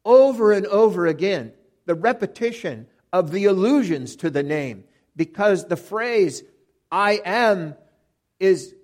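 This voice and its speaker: A man preaching an expository sermon, often repeating words and restarting, and stressing the quoted phrases as he reads them. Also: on the high side.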